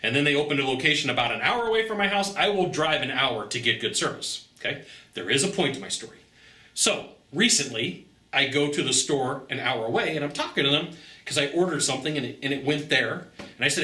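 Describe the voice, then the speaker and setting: Forceful man, roomy echo. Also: on the high side, fast. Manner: animated storytelling with emphatic asides; conversational, tags points with "okay?" and "right?". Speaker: sales consultant and trainer. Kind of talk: casual vlog monologue.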